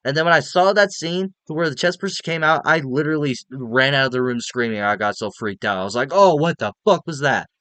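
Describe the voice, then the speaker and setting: A man giving a casual, rambling movie review, excitable and swearing freely as he gushes about the film. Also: mid-range voice, quick pace, hardly any pauses, clear, resonant tone, no room sound.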